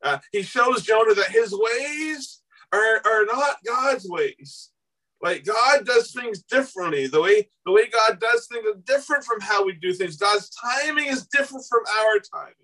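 A man preaching with a high, bright, ringing voice, picked up from a little way off the mic. He tells the story with animation, acting out the voices he quotes, and climbs into shouts at the peaks. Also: animated, measured pace, far from the mic, rough recording. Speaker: pastor. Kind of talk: sermon.

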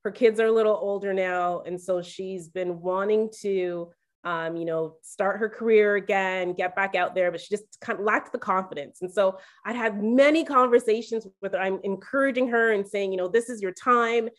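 A woman talks straight to her listeners in a mid-range voice, confiding and animated as she shares a candid personal story. She speaks as a faith speaker and calls her audience "guys.". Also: mid-range voice, moderate pace. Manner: addresses listeners directly as "guys".

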